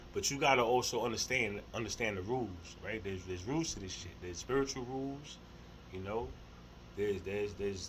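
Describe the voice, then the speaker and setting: A middle-aged man in a casual spiritual monologue to camera, rambling and repeating words, with heavy slang and swearing, earnest, with soft laughs between thoughts. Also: fairly low pitch, slight background noise, low-quality recording. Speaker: spiritual vlogger.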